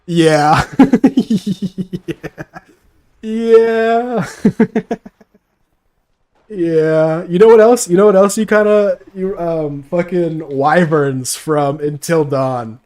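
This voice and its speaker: A man's voice: sits high, drawn-out words, darkish tone. A young man giving casual gameplay commentary, brash and profane, mocking as he tells stories. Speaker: gaming streamer.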